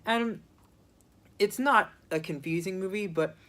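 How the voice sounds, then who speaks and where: A film reviewer talking casually and unscripted, often pausing, restarting sentences and leaning on "you know" fillers. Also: mid-range voice, pushed and bright. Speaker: movie reviewer. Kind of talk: casual spoken movie review.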